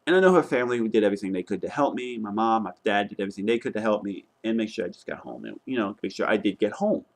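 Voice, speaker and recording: A young man vlogging casually, retelling a travel mishap in an exasperated, animated way and swearing now and then. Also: lowish voice, rapid-fire, vocal fry. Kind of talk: casual travel vlog rant.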